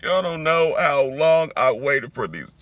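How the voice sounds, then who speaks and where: A man's voice: fairly high pitch, a little slow, no echo. A young adult man hosting a casual sneaker unboxing vlog, emotional and slangy, talking straight to his viewers. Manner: excitable, emotional, slangy, addresses viewers directly. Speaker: sneaker vlogger.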